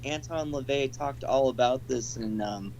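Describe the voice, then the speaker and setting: A man in a casual talk show conversation who cuts in and speaks haltingly. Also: medium pitch, vocal fry, darkish tone, highs cut off, a little hiss or hum. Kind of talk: casual chat.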